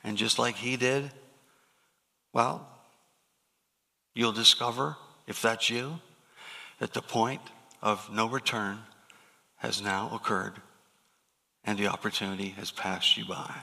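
A man's voice: lowish voice, steady tone, takes it slowly, gravelly, long pauses, bright, forceful tone, long reverb tail. A man preaching a sermon, explaining scripture with emphatic rises on key words. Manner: emphatic preaching, rising to stressed peaks. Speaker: pastor.

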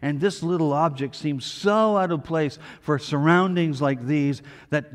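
A man preaching a sermon, telling a story with emphatic peaks and hushed low appeals. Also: a little slow, few pauses, in a large hall. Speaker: pastor.

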